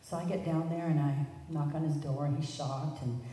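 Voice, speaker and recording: A middle-aged woman sharing a personal recovery testimony with an audience, telling her story in an animated way and laughing at herself. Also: sits low, normal speed. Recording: echoey hall, mic far off.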